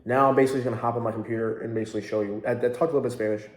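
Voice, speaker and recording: A man's voice: medium pitch, steady tone, rapid-fire. A man vlogging in a casual, rambling way about learning a language, with lots of fillers and restarts. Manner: chatty, full of fillers and restarts. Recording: roomy echo.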